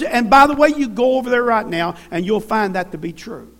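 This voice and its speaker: A man's voice: sits high, lively intonation, a little fast, hardly any pauses. A man with a Southern US accent preaching a sermon in a church, telling folksy stories and calling for amens. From American South. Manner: folksy storytelling with call-and-response.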